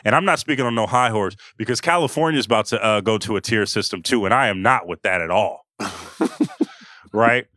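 A young man co-hosting a sports podcast, talking fast and heated, often restarting his sentences. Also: lowish voice, pushed and bright, no room sound. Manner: impassioned, ranting with many restarts. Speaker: podcast co-host. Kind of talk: casual sports chat.

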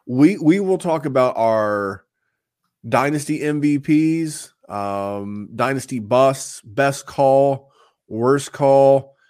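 A man's voice: medium pitch, takes it slowly, clear, resonant tone. Upbeat rambling male podcast host. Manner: upbeat, rambling, hands out shout-outs and plugs. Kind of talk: casual podcast chat.

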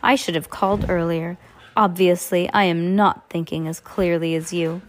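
A woman voicing a scheming adult male villain in disguise, falsely polite and smooth as he talks, in an audiobook reading. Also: lowish voice, fairly even intonation, moderate pace, slight background noise, natural voice.

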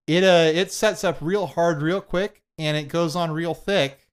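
A man's voice: a little high, steady tone, measured pace, clear, resonant tone. Young male co-host, loose self-deprecating rambler with frequent laughter. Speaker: podcast co-host. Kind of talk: casual chat.

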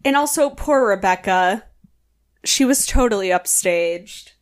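A woman's voice: mid-range voice, expressive, unhurried. Woman, podcast co-host, casual recap chat, dry sarcastic asides, reads from notes.

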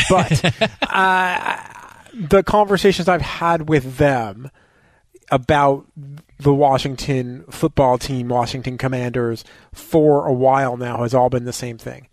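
A man's voice: mid-range voice, fairly even intonation, unhurried, no room sound. A man co-hosting a sports radio show in a conversational way. He grew up in New York. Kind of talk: casual sports talk.

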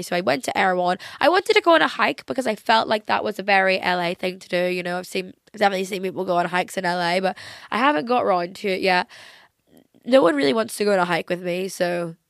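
Chatty young woman, gravelly fry. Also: medium pitch, fast talker, no room sound, clean studio sound. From England. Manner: chatty, many fillers like "like" and "um". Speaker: podcast host. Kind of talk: casual chat.

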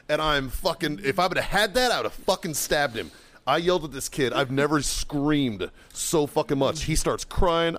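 A middle-aged man and former Marine telling a heated, heavily profane story on a podcast, now and then yelling as he acts out what was said. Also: on the high side, animated, moderate pace, dry recording. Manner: bursts into loud yelling while acting out quotes. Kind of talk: casual chat, storytelling.

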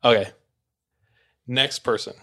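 Casual man telling an animated story. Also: mid-range voice, slow, vocal fry, husky. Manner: animated, acts out quoted voices, laughs while telling.

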